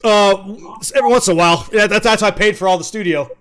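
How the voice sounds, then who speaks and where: A man's voice: high voice, fairly bright tone. A man co-hosting a casual podcast, joking and often restarting his sentences. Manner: fast, stammering restarts, joking. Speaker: podcast co-host, veteran.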